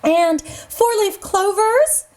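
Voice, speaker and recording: A woman's voice: very high-pitched, expressive, drawn-out words, a little mellow. A woman co-hosting a children's show, giggly and telling playful little stories. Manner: giggly, storytelling. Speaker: co-host. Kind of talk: playful kids' show chat.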